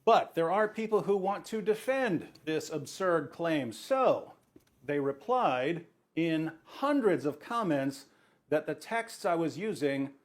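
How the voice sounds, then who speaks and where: A man's voice: on the high side, animated, slow. A man speaking in a clip played from another video, presenting in a wry, matter-of-fact way.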